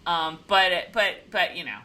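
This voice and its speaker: A woman co-hosting a casual TV recap show, animated and joking as she talks. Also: on the low side, unhurried. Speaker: podcast co-host.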